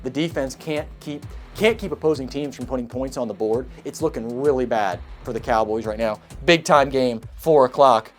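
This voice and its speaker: A man hosting his own sports show, breaking down upcoming games in an energetic, emphatic way and repeating key points. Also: mid-range voice, normal speed, few pauses, soft background music. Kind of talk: sports preview talk.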